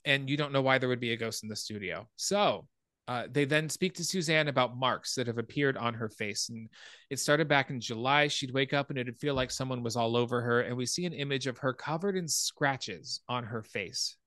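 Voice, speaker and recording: A man hosting a podcast, casually retelling a film's plot scene by scene in an animated way. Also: medium pitch, normal speed, dry recording. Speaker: podcast host. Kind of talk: casual film recap.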